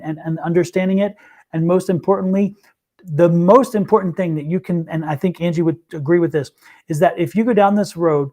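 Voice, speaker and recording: A man's voice: high voice, darkish tone. A man reading tarot on a livestream, telling stories earnestly and often repeating himself mid-thought. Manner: earnest storyteller, repeats and restarts phrases. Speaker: tarot reader, co-host.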